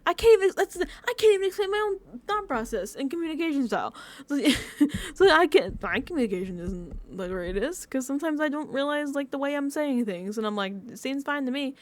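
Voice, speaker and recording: A woman's voice: sits high, expressive, brisk. A woman vlogging casual reaction commentary, rambling and repeating herself with lots of fillers. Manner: chatty, self-deprecating. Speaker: recap vlogger.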